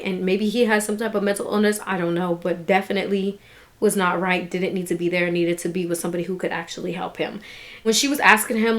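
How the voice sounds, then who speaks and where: A woman vlogger giving candid, indignant commentary on a documentary, talking casually and swearing now and then. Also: mid-range voice.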